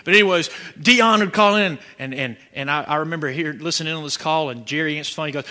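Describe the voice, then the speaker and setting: A man from preaching a sermon, telling stories with animation and breaking into shouts. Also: on the high side, fast. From Georgia, USA. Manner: animated storytelling, bursts into shouting.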